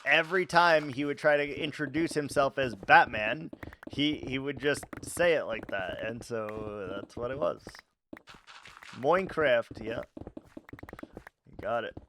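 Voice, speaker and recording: A man's voice: mid-range voice, unhurried, bright, forceful tone, slight background noise. A man streaming live and chatting casually with his viewers, laughing often and stammering through his reactions.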